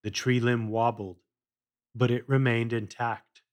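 Slow, measured male storyteller. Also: mid-range voice, flat delivery. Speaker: narrator. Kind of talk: storybook read-aloud.

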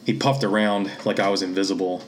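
A man from Pennsylvania reads a literary short story aloud, steady and measured in his delivery. His voice sits on the lower side, with a faint wash of background noise under the recording. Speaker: author and reader. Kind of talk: reading literary fiction aloud.

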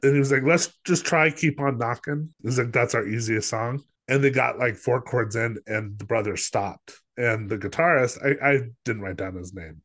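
A man co-hosting a podcast at a middle pitch, chatting loosely and retelling a story. He fills his talk with filler words and jumps into quoted voices as he goes. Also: moderate pace, hardly any pauses, a bit bright. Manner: rambling, filler-heavy, acts out quotes. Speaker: podcast co-host. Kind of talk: casual chat, film review.

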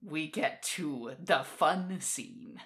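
A woman's voice: low voice, very slow. A woman co-hosting a podcast, chatting casually and animatedly about a comic, swearing now and then. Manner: animated, swears casually, acts out characters in quotes. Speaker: podcast co-host. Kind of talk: casual chat.

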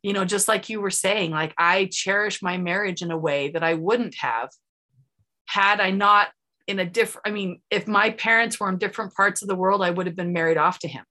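Bright, chatty woman podcast host. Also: mid-range voice, normal speed. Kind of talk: conversational interview.

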